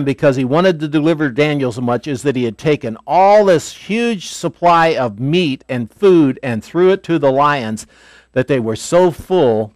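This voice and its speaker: Folksy pastor teaching scripture. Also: male voice, on the high side, no room sound. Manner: folksy, explanatory, swings between loud and quiet. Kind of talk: Bible teaching. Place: Bible school classroom.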